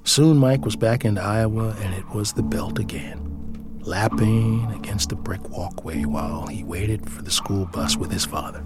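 A father and storyteller recites a scripted first-person story in a low voice, a little slowly, with background music behind him. He sounds reflective and tender, occasionally dropping to a whisper.

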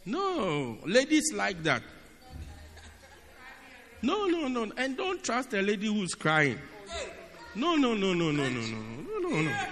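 A man preaching a sermon in an animated, humorous way, often asking his listeners if they get it. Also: high-pitched, takes it slowly, long pauses. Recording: long reverb of a large hall.

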